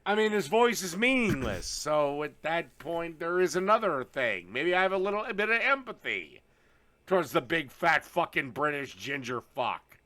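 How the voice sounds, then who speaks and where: A man with a soft Southern US accent, ranting angrily and crudely in video commentary. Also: fairly high pitch, big pitch swings, moderate pace. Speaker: online commentator in played clips.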